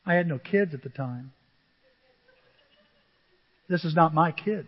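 A middle-aged man preaching a sermon, telling humorous stories with animated asides to the congregation. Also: a little high, measured pace, pauses often. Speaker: pastor. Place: church sanctuary. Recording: dull reverberant church recording.

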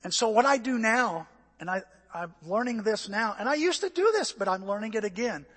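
An older man preaching a sermon, telling stories animatedly and acting out voices and shouts, sounding a little out of breath. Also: high-pitched, expressive, fairly quick. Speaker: pastor. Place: church. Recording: echoey church hall.

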